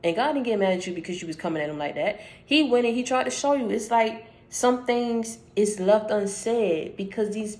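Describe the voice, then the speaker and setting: A woman's voice: medium pitch, darkish tone. A woman giving an informal prophetic message, preaching in a slangy, conversational storytelling way. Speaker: prophetic speaker.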